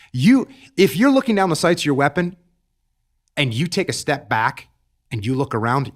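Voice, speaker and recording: A middle-aged man, a military veteran guest, giving earnest advice in an emphatic way, often repeating and restarting his words. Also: mid-range voice. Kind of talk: podcast storytelling and advice.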